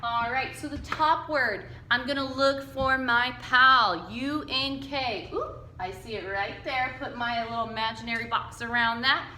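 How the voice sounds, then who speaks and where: A woman teacher leads young children through a phonics lesson, sounding out each letter and chunk slowly so they can say it with her. Her voice is bright and a little high, and she talks at an unhurried pace. The recording has a roomy echo with a faint hum of ambience. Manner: slow, patient, sounds out letters and chunks for kids to repeat. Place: classroom with whiteboard.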